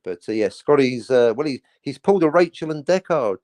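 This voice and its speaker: A man banters playfully through a casual podcast chat, his pitch rising and falling all over. His voice sits in a middle range, and his delivery stays light and jokey. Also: expressive, fairly quick, darkish tone, no room sound. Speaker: podcast co-host. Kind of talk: casual chat, joking monologue.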